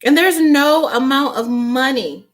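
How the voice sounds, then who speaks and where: Slow, halting high-voiced woman reading tarot. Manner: halting, many fillers and restarts; grows impassioned and indignant. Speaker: tarot reader. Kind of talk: casual tarot commentary.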